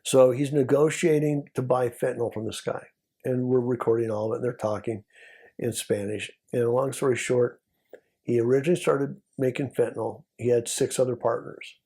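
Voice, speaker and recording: Gravelly older man telling stories. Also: mid-range voice, steady tone, moderate pace, warm tone. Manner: gravelly, husky, anecdotal. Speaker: retired DEA agent, guest. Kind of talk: casual storytelling interview.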